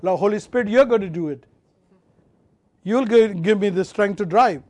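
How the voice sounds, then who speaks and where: In this sermon, a man with a high voice preaches passionately, moving between emphatic loudness and hushed depth. Phrases come back again and again, and important words are stretched out slowly, all without any echo.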